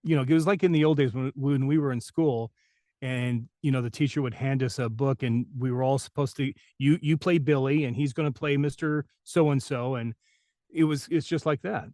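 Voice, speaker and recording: Male voice-actor guest, chatty storyteller, mid pitch, dead-dry sound. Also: steady tone, moderate pace, a little mellow, no echo. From New Mexico. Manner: rambling anecdotes with many fillers and restarts. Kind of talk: interview storytelling.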